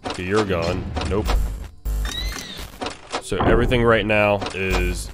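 A young man commentating a horror video game he is playing, muttering tensely one moment and yelling excitedly the next. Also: low-pitched, slow pace. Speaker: gaming youtuber. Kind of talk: let's play commentary. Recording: game music behind the voice.

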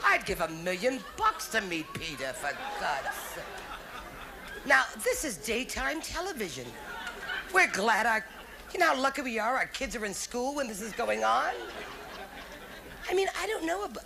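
A brash, bawdy middle-aged woman working a live crowd in a stand-up set, her gravelly voice swinging up and down in pitch. It is a 1970s TV special recording, with laughter from a big audience and a noisy hall behind her. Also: very animated, normal speed. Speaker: stand-up comedian. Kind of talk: stand-up comedy routine. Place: theater stage with a live audience.

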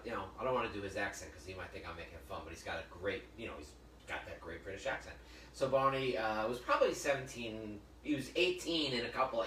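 A man hosting a casual cooking show, joking and telling stories in a chatty, animated way. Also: on the low side, slight background noise. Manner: chatty, jokey, animated storyteller. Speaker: host of a live cooking show. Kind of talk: casual storytelling chat. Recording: echoey room, mic at a distance.

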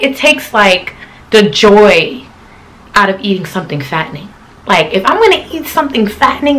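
A woman's voice: on the high side, animated, moderate pace, a bit bright, a little hiss or hum. A young woman, telling a storytime vlog in a blunt, slangy, profane way. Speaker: channel host.

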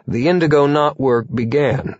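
A man's voice: on the high side, moderate pace, no room sound, highs cut off. A man reading a first-person audiobook in a wry, conversational manner. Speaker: audiobook narrator.

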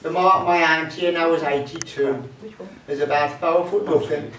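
A man's voice: fairly high pitch, steady tone, moderate pace, a bit bright. Rambling man telling jokey tales. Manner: chatty, jokey, rambling with many fillers. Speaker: folk club performer. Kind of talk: rambling comic anecdotes. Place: folk club room. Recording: echoey room, mic from far off.

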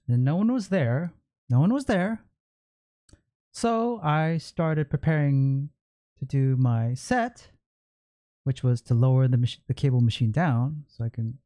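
Mellow-voiced man telling a story. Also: fairly high pitch. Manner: emphatic, repeats himself. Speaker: vlogger. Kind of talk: storytelling vlog.

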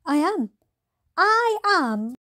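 A woman's voice: very high voice, very animated, very slow, pushed and bright, voice pushed up, heavily acted. A woman voicing a small baby boy owl who protests and pouts. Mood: insistent. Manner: insistent, pouty protests.

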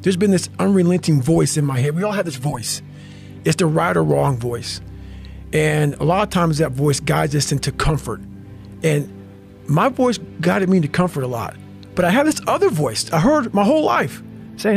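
Gravelly high-voiced man, blunt and intense. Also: animated, normal speed, soft background music. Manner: blunt, profane and emphatic; repeats words when fired up. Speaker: podcast guest. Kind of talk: intense motivational storytelling.

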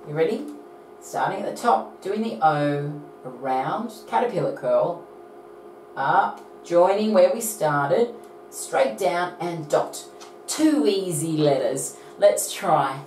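A woman's voice: fairly low pitch, a little mellow, a little hiss or hum. A woman teaching phonics to young children, telling a story and coaxing them to join in. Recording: roomy echo from a distance.

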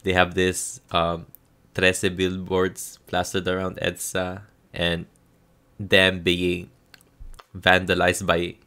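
Filipino guy talking slow n flat, lots of ums, kinda bright tone. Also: sits low. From Philippines. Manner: hesitant, full of ums and restarts. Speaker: show reviewer. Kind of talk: casual spoken review.

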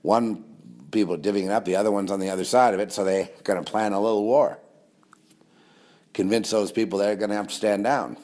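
A man's voice: on the low side, darkish tone. A man delivering a rambling monologue to camera, sarcastic, with mocking asides. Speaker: conspiracy video host.

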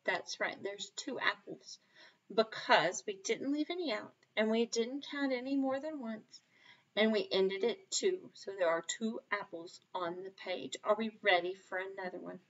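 A woman teaching a kindergarten math lesson on video, talking slowly and encouragingly to young children in a sing-song, playful way. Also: medium pitch, lo-fi sound. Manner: playful mock surprise, sometimes dropping to a whisper.

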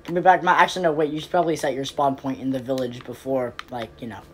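A woman commentating casually on her game, rambling and playfully exasperated, breaking into quick pleading outbursts. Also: a bass voice, fairly even intonation, husky. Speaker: game player.

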